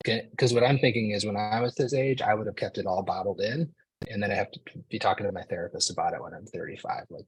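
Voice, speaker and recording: A man's voice: fairly low pitch, fairly even intonation, fast, slightly rough, no echo, poor audio. A man in his forties telling a personal story to an audience in a casual, conversational way, often saying "like" and "right?". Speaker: speaker.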